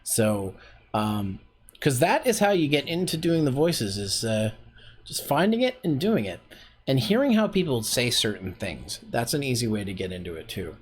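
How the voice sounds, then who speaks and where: A man hosting a voice acting workshop on a stream, explaining the basics in a relaxed, rambling way with many fillers. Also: medium pitch, moderate pace, husky. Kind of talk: casual teaching on a stream.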